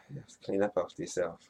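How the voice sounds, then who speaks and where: A man's voice: low voice, a little mellow. A British man co-hosting a podcast, teasing his partner in a dry, blunt and crude way. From Britain. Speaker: podcast co-host. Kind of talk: casual banter.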